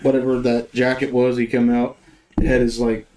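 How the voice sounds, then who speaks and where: A man's voice: mid-range voice, flat delivery, moderate pace, warm tone, slight background noise. A man co-hosting a podcast in casual, laid-back chat, swearing freely. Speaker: podcast co-host. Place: studio. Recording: roomy sound, distant mic.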